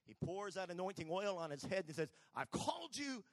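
A man preaching a sermon, telling Bible stories with animated voices for the characters. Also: high voice, a little fast, dry recording.

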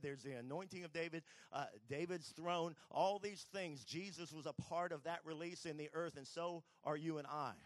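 A man delivers a sermon in a slightly raised voice, retelling Bible stories and acting out the characters as he goes. The sound is dry and close, with no room echo. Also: a little high. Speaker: preacher.

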